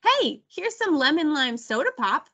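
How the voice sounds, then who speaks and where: A woman's voice: high-pitched, sing-song, a little slow, a bit bright, voice pushed up, heavily acted. Woman voicing a boy, grumpy, muttering, mischievous, bored, storybook. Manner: grumbling, bored. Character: grumpy, mischievous boy who loves odd recipes.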